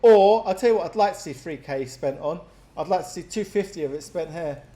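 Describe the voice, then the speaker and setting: Excitable man casting a game live. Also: on the high side, brisk. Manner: excitable, chatty, laughs often. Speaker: game caster.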